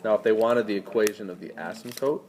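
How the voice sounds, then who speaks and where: A man's voice: on the low side, quick pace, crowd noise. A man tutoring math in a screencast lesson, walking students through each step and quizzing them as he goes.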